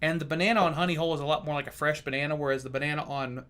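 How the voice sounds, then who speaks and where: A man with a fairly high, bright, forward voice, talking loosely through a whiskey tasting on a livestream. He jokes, curses casually and chats back to viewers between sips. His tone is relaxed and unscripted. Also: rapid-fire. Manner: loose, joking, swears freely. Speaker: whiskey reviewer and streamer.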